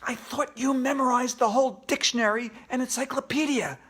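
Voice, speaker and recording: A man voicing a cocky, impatient schoolboy in a read-aloud storybook, loud and complaining. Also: extremely high pitch, fairly even intonation, brisk, voice pushed up. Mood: brash.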